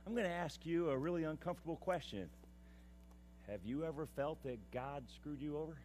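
A man preaching a sermon, impassioned, swinging from loud declaiming to hushed, confiding tones. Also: fairly high pitch, lively intonation, brisk, faint music behind. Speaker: pastor.

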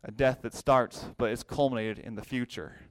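A man teaching a Bible class, explaining word meanings slowly and repeating key phrases for emphasis. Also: medium pitch, steady tone. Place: classroom with a whiteboard.

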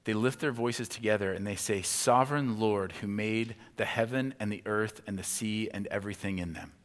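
A man's voice: lowish voice, normal speed. Man preaching in a reverberant hall. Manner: animated, acts out imagined indignant reactions in a raised voice. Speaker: pastor. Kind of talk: sermon.

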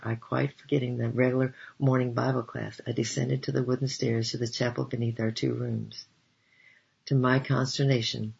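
Husky, gravelly male memoir reader. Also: medium pitch. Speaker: audiobook reader. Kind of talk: reading a missionary memoir aloud. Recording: dull, lo-fi recording.

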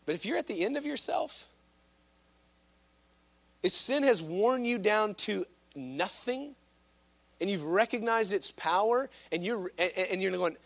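A man preaching a sermon to a live room, impassioned, swinging from loud urgent lines to hushed ones. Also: sits high, expressive, normal speed. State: out of breath at times. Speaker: pastor.

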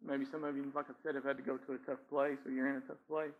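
Preacher chuckling through a sermon. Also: male voice, mid-range voice, level tone, quick pace, phone-quality sound. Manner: conversational preaching, frequent "right?" asides and chuckles. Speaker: pastor. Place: church sanctuary.

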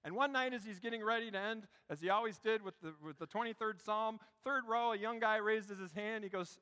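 High, bright-voiced preacher in a reverberant hall. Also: male voice, fairly quick, hardly any pauses. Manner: storytelling preacher, dropping to a hush for emphasis. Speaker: pastor. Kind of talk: sermon.

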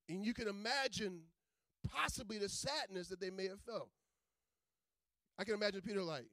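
Man, pastor, sermon, conversational then emphatic, very high voice, dry close sound. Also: normal speed, long pauses, no echo. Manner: conversational and joking, building to loud emphatic preaching.

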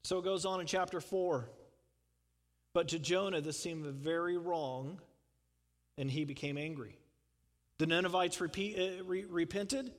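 High-voiced preacher in an echoing hall. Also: male voice, steady tone, a little slow, pauses often. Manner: conversational, asks the congregation questions, chuckles. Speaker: pastor. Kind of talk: sermon.

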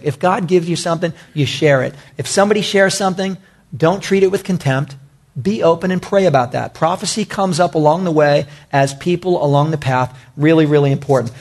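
A male pastor preaching with a slightly higher voice. He repeats short phrases for emphasis and calls his listeners "guys". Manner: emphatic and repetitive, talks to the congregation as "guys". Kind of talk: sermon.

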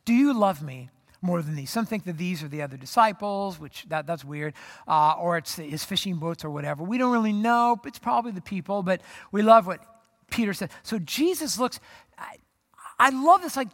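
Casting note: lively, conversational preacher, mid pitch, big hall reverb. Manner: casual and animated, acts out dialogue with laughs. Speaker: pastor. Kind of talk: sermon.

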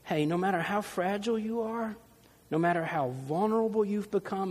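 High-voiced pastor preaching in a hall. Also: male voice, normal speed. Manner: conversational preaching with humor and asides. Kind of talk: sermon.

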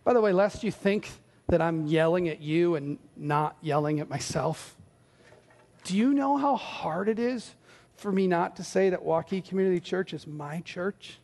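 A male pastor preaching a sermon in an earnest, conversational way with animated asides. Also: high voice, moderate pace. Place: church sanctuary. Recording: long church hall reverb.

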